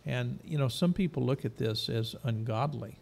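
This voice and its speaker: Gravelly, dark-voiced man hosting a dinner chat. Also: mid-range voice, moderate pace. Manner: eating while talking, relaxed interjections. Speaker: host. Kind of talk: casual panel chat over dinner. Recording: faint room noise, live stream.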